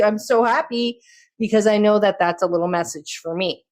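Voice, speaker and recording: A middle-aged woman talks to her listeners in a loose, chatty way as she gives them encouragement. Her voice sits at an ordinary pitch for a woman. When she acts out what someone said, her voice jumps up sharply. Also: normal speed. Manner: animated, acts out quoted lines with big pitch jumps. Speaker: podcast host and wellness speaker. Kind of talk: casual motivational talk.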